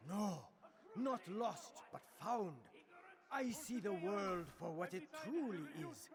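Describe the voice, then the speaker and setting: A man's voice: high voice, lively intonation, slow, heavily acted. An actor playing a fanatical male scholar in a video game, speaking in a fervent, proclaiming way.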